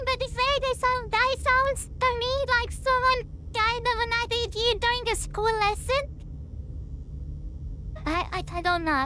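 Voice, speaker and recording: A woman streamer giving casual gaming commentary in a giggly, halting way with frequent restarts. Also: very high-pitched, noisy background.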